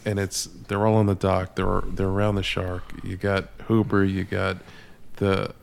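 Male podcast host, low voice, casual and profane, animated scene recaps. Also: unhurried, gravelly, a little hiss or hum. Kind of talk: casual movie discussion.

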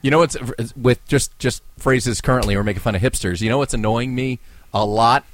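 A man's voice: mid-range voice, a little fast. A young man from New Jersey with a New Jersey accent, co-hosting a podcast in casual, joking chat and swearing freely. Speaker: podcast co-host.

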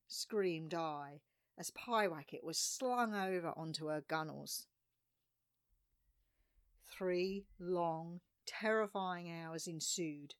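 A woman's voice: mid-range voice, no echo, clean studio sound. A middle-aged woman reading her own sailing story aloud, dramatic in tone with wry little asides. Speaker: sailor recounting a voyage. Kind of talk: scripted narration of a personal sailing story.

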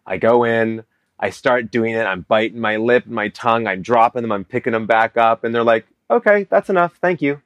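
A man from Vancouver, Canada, tells a story as an interview guest. His voice sits low, and it is recorded dry and close. He talks in a lively way and acts out the quotes. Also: fairly quick, dry recording, muffled recording. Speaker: guest, business coach. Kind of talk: animated storytelling in a casual interview.

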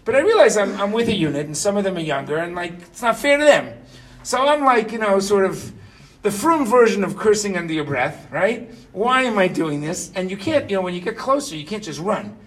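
In a high, sing-song voice, a man in his fifties recounts a personal story to listeners at a fairly quick pace. The recording is made from a distance. His manner is chatty, with frequent "right?" check-ins.

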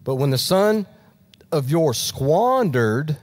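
A resentful young man complains that he never got his due, his voice climbing high and sharp. A preacher acts him out in the middle of a sermon. He sounds aggrieved and self-righteous. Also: very animated, slow pace, exaggerated voice. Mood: indignant. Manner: indignant, complaining, raised pitch. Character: resentful older brother, young man, indignant.

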